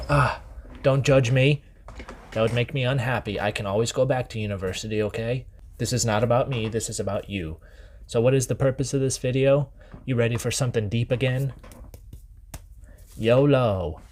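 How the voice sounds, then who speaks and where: A man's voice: mid-range voice, darkish tone. A man in his twenties delivering a comic monologue as a vlogger, playful, jokey and mock-serious.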